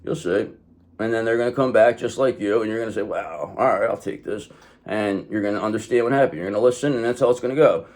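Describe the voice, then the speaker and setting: A man's voice: lowish voice, fast, a little mellow. A man giving a casual, rambling tarot reading to his viewers. He swears freely and keeps saying "okay" as he talks. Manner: rambling, often says "okay". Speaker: tarot reader.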